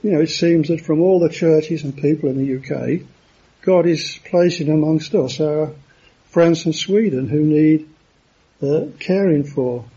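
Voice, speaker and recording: A man preaching a sermon in a halting way, with many fillers and restarts. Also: fairly high pitch, warm tone, husky, dull audio.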